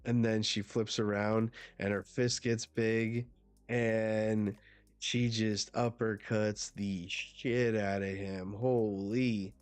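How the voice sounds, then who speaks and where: A man reacting live to a new comic chapter, casual, excitable and swearing. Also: fairly low pitch, takes it slowly, clear, resonant tone, dry recording. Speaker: manga reaction streamer.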